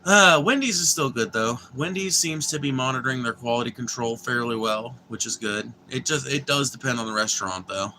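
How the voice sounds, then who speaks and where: A man's voice: medium pitch, a little fast, hardly any pauses, pushed and bright, a little hiss or hum. A young man, chatting casually and rambling with viewers on a livestream, swearing freely and restarting sentences. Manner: profane, meandering, restarts and filler words.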